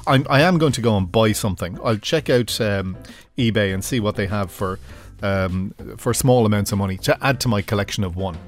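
A man's voice: lowish voice, fairly quick, faint music behind. A man with an Irish accent co-hosting a radio show, casual and playful, slipping into mock voices for a joke. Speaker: radio co-host. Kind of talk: casual chat.

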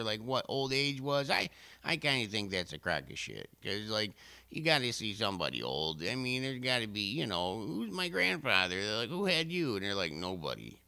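A man voicing a low, mumbling young man who rambles in an improvised comedy podcast bit. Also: creaky, pushed and bright, smooth.

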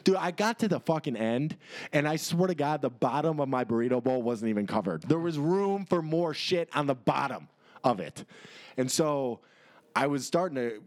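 A man's voice: mid-range voice, normal speed. Guy in his 20s on a podcast, swearing a lot, telling a story and doing little voices for people. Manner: animated, swearing, acts out the people in his stories. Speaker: podcast co-host. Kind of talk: casual profane storytelling.

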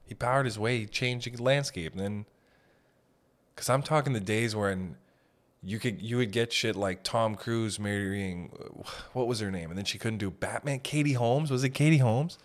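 A young man with a somewhat low voice hosts a podcast, drifting from tangent to tangent in a loose, self-deprecating comic monologue. He swears freely and keeps circling back to his own half-finished thoughts. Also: normal speed. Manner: meandering, self-deprecating, swears casually, breaks into loud mock shouts. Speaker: podcast host. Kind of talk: rambling comedic monologue.

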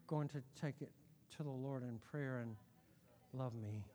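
A middle-aged man preaching a sermon as pastor, animated, dropping to a hush and then shouting. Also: medium pitch, measured pace. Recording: long hall reverb.

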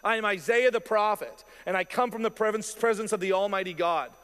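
A solemn, declaiming prophet stands before a king and proclaims his message , voiced by a male preacher mid-sermon. The voice sits a little high and carries a long hall echo. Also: a little fast, fairly bright tone, clean tone. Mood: proclaiming. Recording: long reverb of a large hall.

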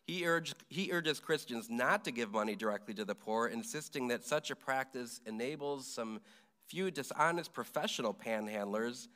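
A man's voice: medium pitch, lively intonation, moderate pace, sharp tone. A middle-aged man, a Catholic priest, giving a conversational homily with stories, fillers and restarts.

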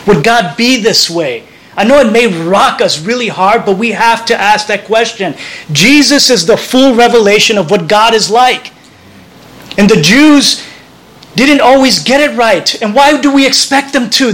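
Male host, higher-pitched, casual, reads aloud and comments as he goes, with many restarts and tag questions. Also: a bit bright, poor audio. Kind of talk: casual talk reading aloud from a book.

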